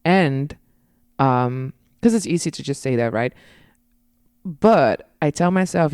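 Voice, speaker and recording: A woman's voice: very deep voice, lively intonation, measured pace, gravelly, darkish tone, no echo, clean studio sound. A woman guest on a podcast, talking casually and animatedly about dance, laughing at herself and acting out little quotes.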